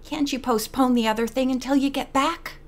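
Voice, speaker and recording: A woman's voice: high voice, steady tone, fairly quick, close to an everyday voice. A woman reading as a pleading anxious young friend. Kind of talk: audiobook reading.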